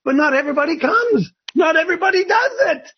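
A man hosting a Bible discussion, preaching emphatically, shouting verses and firing rhetorical questions. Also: very high voice, lively intonation, fast, highs cut off, slight background noise. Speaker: host leading a Bible discussion. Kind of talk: fiery preaching-style Bible talk.

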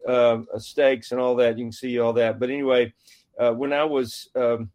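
A man's voice: mid-range voice, normal speed. Middle-aged male guest, folksy storyteller, mid-range voice, acts out the dialogue. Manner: folksy and animated, acting out quoted dialogue. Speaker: author and guest. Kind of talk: conversational storytelling.

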